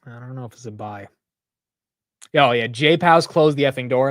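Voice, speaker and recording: A man hosting a live stock market stream, talking casually and excitably with loose slang and frequent laughs. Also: medium pitch, normal speed, dry recording, studio quality. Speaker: market livestream host.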